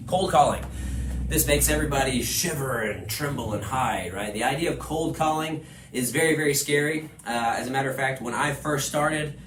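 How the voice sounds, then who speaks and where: A man from Houston giving a class to real estate agents, energetic, acting out little quoted conversations as he talks. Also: medium pitch, normal speed, noisy background. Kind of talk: class lecture. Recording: echoey room with faint ambience.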